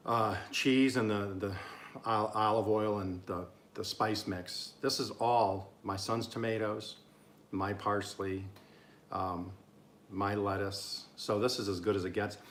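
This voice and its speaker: A man's voice: lowish voice, steady tone, normal speed, fairly bright tone, slight background noise. Chatty Oklahoma man vlogging his cooking. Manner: chatty, rambling, self-amused. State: talking with mouth full at times. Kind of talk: casual cooking vlog.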